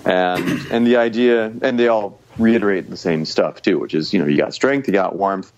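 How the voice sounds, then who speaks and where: A man as the guest expert in a podcast interview, explaining public speaking in an animated, coaching way. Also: low-pitched, moderate pace, muffled recording. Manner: animated, coaching, uses quoted inner voices.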